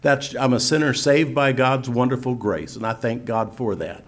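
An older man preaching and teaching, reading scripture slowly and solemnly between folksy asides. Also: mid-range voice. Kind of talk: sermon-style teaching.

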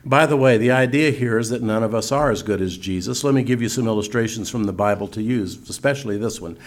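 An older man preaching and teaching, reading scripture slowly and solemnly between folksy asides. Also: on the low side. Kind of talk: sermon-style teaching.

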